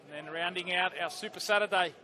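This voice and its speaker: A male football commentator with a high, bright voice calls a live match from the stadium. He moves quickly through fixtures and scores, and he shouts out the big moments of play.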